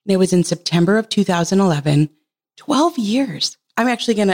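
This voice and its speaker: Animated woman telling a heartfelt story. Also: fairly quick. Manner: animated, laughs often, jumps high in pitch when quoting herself; earnest and heartfelt. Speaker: podcast guest. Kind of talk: casual interview storytelling.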